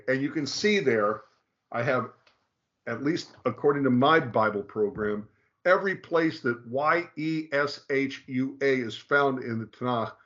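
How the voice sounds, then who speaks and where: Man, casual explainer, halting speech, many restarts, slow emphasis on names, mid-pitched, dull lo-fi audio. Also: fairly bright tone. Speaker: presenter.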